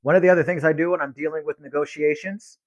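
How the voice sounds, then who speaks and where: A man's voice: fairly high pitch, steady tone, fast, dry recording, highs cut off. A man coaching real estate investors on talking with sellers, in a blunt, direct teaching manner. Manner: blunt, acts out both sides of calls. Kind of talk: teaching monologue with acted phone lines.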